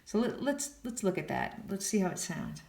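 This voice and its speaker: A woman's voice: medium pitch, lively intonation, normal speed, a little mellow. A woman giving a casual jazz piano lesson, counting beats aloud and scatting lines, with chatty self-deprecating asides. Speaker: piano teacher. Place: room with a piano. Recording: echoey room with piano underneath.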